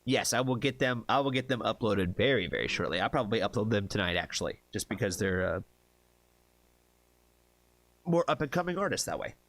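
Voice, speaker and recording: A man's voice: fairly low pitch, very animated, fairly quick, a bit bright, no room sound. A man from the United States hosting a casual livestream, chatty, laughing often and tripping over hard names. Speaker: livestream reaction host.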